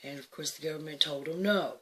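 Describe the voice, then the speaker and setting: A woman, likely in her sixties, telling a personal story with emphatic swings from hushed to loud, laughing often. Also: low voice, a little fast, a little hiss or hum.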